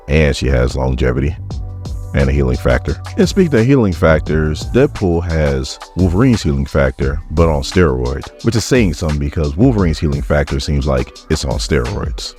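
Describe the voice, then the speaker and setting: A man's voice: extremely low pitch, a little mellow. A man hosting a casual comic book recap vlog, chatty and jokey, acting out the characters' lines as he goes. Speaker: comic book reviewer and channel host.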